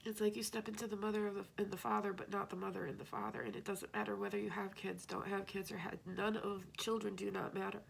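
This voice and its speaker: A woman giving a spiritual tarot reading, talking gently and rambling, often emotional. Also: medium pitch, flat delivery, quick pace, creaky, few pauses, slightly rough. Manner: gently rambling, emotional, at times tearful and laughing. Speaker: tarot card reader.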